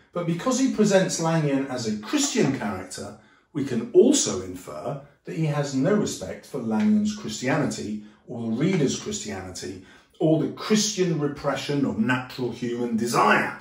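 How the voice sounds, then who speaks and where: A male teacher, giving a lively, jokey lesson and acting out quotes in funny voices. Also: medium pitch, normal speed, far from the mic. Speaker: English teacher. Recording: echoey room, voice a little off-mic.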